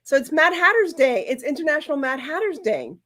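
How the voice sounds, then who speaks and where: A woman's voice: sits high, big pitch swings, fairly quick, fairly bright tone. A woman hosting a casual craft live-stream, chatting in a rambling, heartfelt way. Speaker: crafting channel host.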